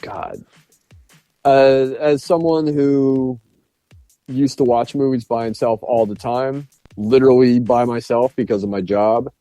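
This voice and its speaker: A man's voice: fairly low pitch, mellow, no room sound. A man co-hosting a podcast, rambling through movie scenes in casual chat with lots of fillers. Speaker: podcast co-host. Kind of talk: casual film review chat.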